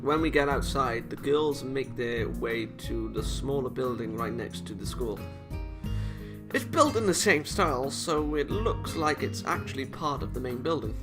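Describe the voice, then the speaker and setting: A man's voice: medium pitch, lively intonation, measured pace, music in the background. A man hosting a casual let's-read of a visual novel, reading the text aloud with chatty, self-mocking asides.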